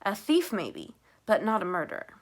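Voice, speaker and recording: A woman's voice: mid-range voice, very animated, normal speed. A woman reading an audiobook, voicing a tired, protective mother who speaks plainly. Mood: weary. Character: weary mother, protective of her son.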